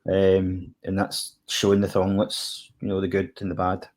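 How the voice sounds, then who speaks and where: A Scottish man with a somewhat low voice talks through a TV episode in casual chat. He rambles, circling back and leaning on fillers as he goes. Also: completely flat delivery, moderate pace, a little mellow. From Scotland. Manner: rambling, filler-heavy, lots of "kinda" and "like". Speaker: podcast co-host reviewing TV.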